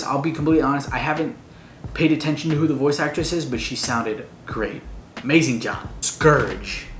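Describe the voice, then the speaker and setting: Male movie reviewer, mid pitch, gushing fan energy, echoey room. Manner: gushing, excitable fan talk with slang. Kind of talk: casual spoiler review. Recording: roomy echo, faint noise.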